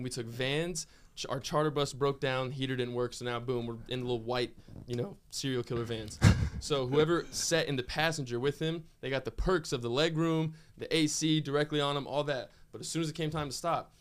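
A young man chatting on a podcast in a studio, joking and laid-back. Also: medium pitch. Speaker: podcast co-host. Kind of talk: casual podcast chat.

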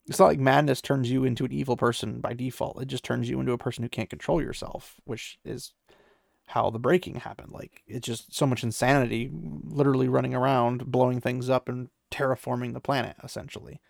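A man's voice: medium pitch, fairly even intonation, brisk, vocal fry, no echo, studio quality. A man casually retelling a story and commenting on it, sarcastic and exasperated, laughing often. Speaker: book reaction host.

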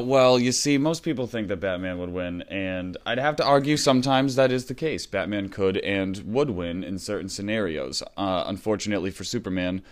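Animated man arguing on a podcast. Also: on the low side. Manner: animated, argumentative, teasing. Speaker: podcast co-host. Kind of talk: casual banter.

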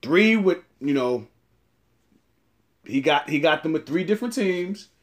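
High, lively-voiced man hosting sports talk. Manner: animated, slangy, hyped-up delivery. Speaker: sports podcast host.

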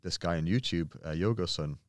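A young man, a podcast guest, telling animated stories in casual chat, full of fillers and swearing. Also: low voice, a little fast, no echo, studio quality. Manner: animated storyteller, swears freely, many fillers. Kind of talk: casual storytelling.

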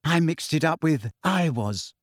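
A man's voice: on the high side, lively intonation, unhurried, dry recording, clean studio sound. A man voicing a clever, bad-tempered teenage schoolgirl in an audiobook, snappish and clipped. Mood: irritated. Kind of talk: audiobook character voice.

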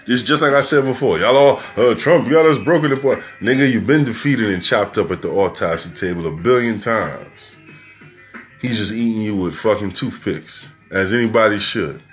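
A man hosting a podcast, riffing brashly and rambling through news stories with constant swearing. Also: on the low side. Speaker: podcast host. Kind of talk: profane news commentary podcast.

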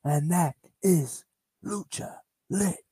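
A man's voice: fairly high pitch, extremely slow, mellow, husky, no room sound, clean studio sound, voice pushed up, exaggerated voice. A man doing a cocky, taunting luchador. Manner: taunting, ends on a whispered chant. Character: cocky masked male luchador, cat-themed taunter.

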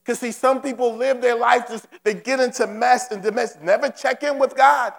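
High-voiced gravelly preacher in a reverberant hall. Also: male voice, fairly bright tone. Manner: fervent, repetitive preaching that exhorts the congregation. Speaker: pastor. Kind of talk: sermon. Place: church service.

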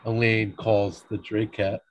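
Slow, low-voiced man with a dark tone. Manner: relaxed, acts out quotes, chuckles often. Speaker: podcast host recapping a sitcom episode. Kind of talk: casual episode recap. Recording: dull lo-fi recording.

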